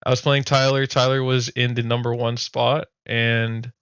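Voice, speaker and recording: A man's voice: medium pitch, little pitch movement, moderate pace, a bit bright, clear, resonant tone, dry recording, highs cut off. A man hosting a podcast, chatting casually and easygoingly, laughing often. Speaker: podcast host and league commissioner. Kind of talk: casual chat.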